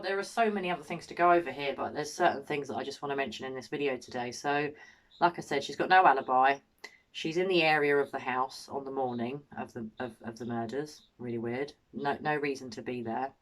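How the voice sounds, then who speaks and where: An English woman giving opinionated true crime commentary, indignant and full of rhetorical questions. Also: a bass voice. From England. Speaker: true crime channel host.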